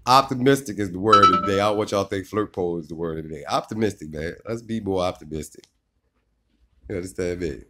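Laid-back, joking man with a lowish voice. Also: fast talker, very noisy. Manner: laid-back, joking, repeats "you know what I mean". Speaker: dog owner and vlogger. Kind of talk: casual vlog chat.

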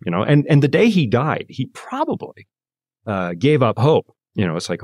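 Brief: fifties man, guest preacher, testimony storyteller, lower voice that swings widely, dry close sound. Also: normal speed, creaky, no echo. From Canada. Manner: animated storyteller, acts out quoted voices. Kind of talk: personal testimony in conversation.

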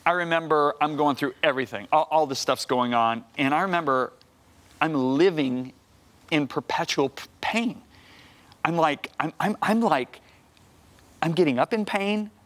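This middle-aged man, preaching as a guest in a Christian TV studio, has a fairly high, somewhat bright voice at a moderate pace. He tells an animated personal testimony, reenacting conversations and repeating words for effect.

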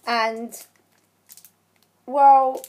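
High, slow-talking woman, emotional and thankful. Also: dull audio. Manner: shaky with excitement. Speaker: craft channel vlogger. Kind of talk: unboxing vlog chat.

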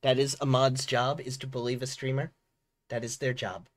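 A man with a mid-range voice talks at a moderate pace while live-streaming a game. He chats casually, fumbles with his audio settings, and his delivery has lively ups and downs.

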